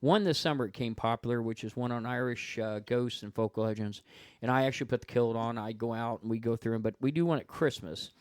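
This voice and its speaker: An animated man telling stories on a podcast as a guest investigator, jumping into the voices of the people he quotes. His pitch sits in an ordinary middle range. The sound is dry and close, with little room around it. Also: fairly quick, clean tone, no echo. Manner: animated storyteller who acts out quoted voices. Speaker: guest paranormal investigator and author. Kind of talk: casual storytelling chat.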